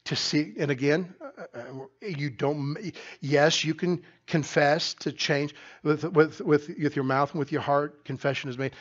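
A man's voice: on the high side, measured pace, hardly any pauses, highs cut off. Emphatic middle-aged man preaching a sermon. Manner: loud, emphatic preaching with frequent restarts. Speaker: pastor. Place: church sanctuary.

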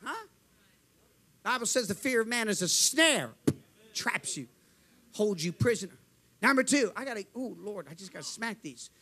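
Male preacher, very high voice, bright, fervent testimony, acts out voices. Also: very animated, moderate pace, long pauses, slightly rough. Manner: acts out voices in his story. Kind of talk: sermon.

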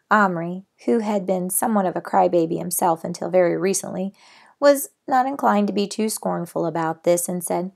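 Reading a children's novel aloud at a moderate pace, this middle-aged storyteller has a lowish, creaky voice. She keeps the reading gentle and plain, then talks chattily about the chapter.

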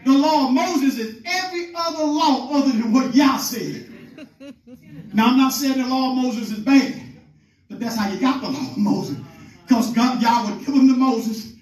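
A man with a very high speaking voice preaches in a loose, informal way, calling out to his congregation and retelling scripture in everyday words. The sound is roomy and echoing, and he is heard from a distance. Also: normal speed, a little mellow. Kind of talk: teaching sermon. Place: meeting room with a congregation. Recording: echoey room, voice from far off.

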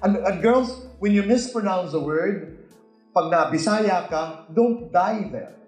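Filipino guy coaching public speaking, kinda high voice, super emphatic, echoey cinema room. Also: measured pace, faint music behind. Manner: emphatic, animated, acts out sample answers. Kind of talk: coaching talk mixing English and Tagalog. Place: cinema hall. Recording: roomy echo of a cinema hall.

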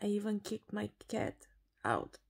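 A woman in her thirties, a radio presenter, talking frankly and loudly in a personal vlog; English is not her first language. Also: medium pitch, big pitch swings, unhurried, vocal fry, slightly rough, no echo. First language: Romanian. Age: 30s. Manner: loud, emphatic and frank.

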